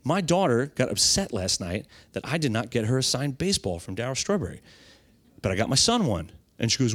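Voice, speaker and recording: A man's voice: mid-range voice, very animated, quick pace. A middle-aged male pastor preaching a sermon in a loose, conversational way, often tagging his points with "right?". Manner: conversational, keeps adding "right?".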